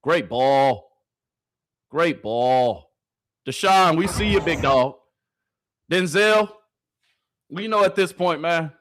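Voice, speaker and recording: A man's voice: on the high side, lively intonation, slow pace, long pauses, fairly bright tone, slight background noise. A man giving hyped, slangy sports commentary over practice clips, repeating lines and talking straight to his viewers. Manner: hyped, repetitive, slangy delivery addressing viewers.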